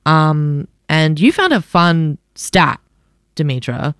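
A woman's voice: low-pitched, big pitch swings, takes it slowly, no echo, clean studio sound. A woman co-hosting breakfast radio, speaking candidly with many fillers in casual chat. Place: radio studio.

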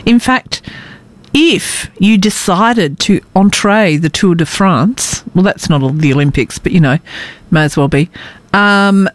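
A woman's voice: lowish voice, animated, measured pace, no echo. Woman, radio host, casual joking chat, fillers. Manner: chatty, jokey, with fillers.

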